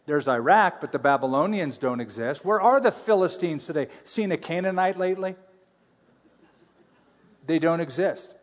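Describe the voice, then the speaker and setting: A pastor teaching a sermon in a conversational way, with playful asides between scripture readings. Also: male voice, on the high side, animated, normal speed. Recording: long hall reverb.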